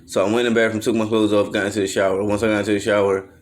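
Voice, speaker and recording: A man's voice: fairly low pitch, level tone, racing, slight background noise. A man telling a personal story in a casual, rambling way, full of slang and swearing, now and then acting out what others said. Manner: loose slangy storytelling, acts out quotes in raised voices; swears freely, trails off with fillers.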